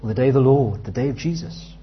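A man in his thirties preaching a sermon earnestly, dropping to a hush and rising loud as he tells stories. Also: mid-range voice, animated, fast. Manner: earnest, with big swings from hushed to loud in anecdotes. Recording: slightly dull, lo-fi sound.

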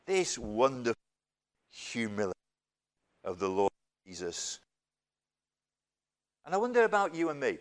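A man from the north of England preaching a sermon, slow and emphatic, moving between raised emphasis and soft, hushed passages. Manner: slow and emphatic, lively swings of pitch and loudness, dropping to soft near-whispers.

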